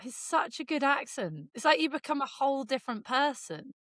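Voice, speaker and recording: A woman's voice: high-pitched, big pitch swings, a little fast, a bit bright, dry recording, clean studio sound. A woman co-hosting a podcast in casual chat, blunt and ranting, swearing freely. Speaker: podcast co-host.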